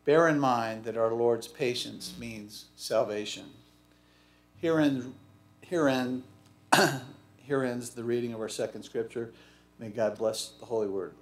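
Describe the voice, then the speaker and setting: A man reading a scripture passage aloud in church in a measured, solemn way. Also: mid-range voice. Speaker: scripture reader. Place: church sanctuary. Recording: echoey church room.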